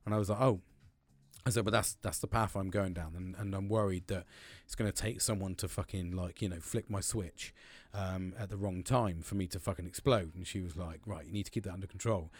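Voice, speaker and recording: Speaking a little fast in a deep, steady voice, a podcast host rambles through a casual personal monologue. He swears often and frequently starts his sentences again, and there's no room sound.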